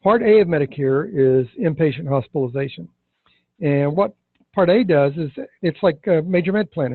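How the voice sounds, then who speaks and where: A man teaching insurance agents in a sales training session, stressing key words and slowing down for effect. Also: a little high, dry recording, narrow, tinny audio. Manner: emphatic, slows down to stress words.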